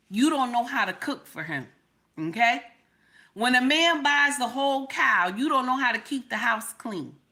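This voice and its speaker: A woman's voice: fairly high pitch, sharp tone. A woman, telling a personal story to viewers in a sassy, emphatic way and often checking in with "okay?". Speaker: relationship commentator.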